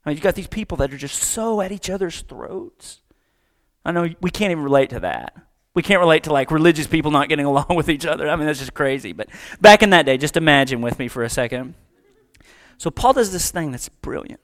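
A man preaching a casual, joking sermon, acting out quick voices as he talks. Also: on the high side, animated. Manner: conversational, joking, acts out voices. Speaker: pastor.

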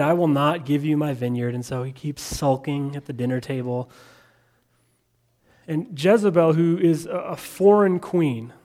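A man's voice: fairly high pitch, darkish tone. A man preaching a sermon in a conversational way, retelling scripture stories in his own words.

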